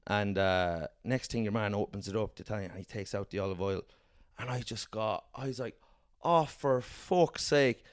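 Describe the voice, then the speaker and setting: A man telling long profane stories in casual podcast chat, often shouting his own quoted lines. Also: lowish voice, fairly quick, no room sound, studio quality. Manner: profane, rambling anecdotes, quoting people in raised voices. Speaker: podcast co-host.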